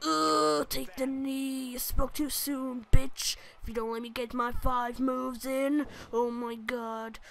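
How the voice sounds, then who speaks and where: A woman's voice: high-pitched, steady tone, takes it slowly, creaky, pushed and bright, slight background noise, exaggerated voice. A woman putting on a bossy, grumbling voice for a male veteran wrestler in a video game.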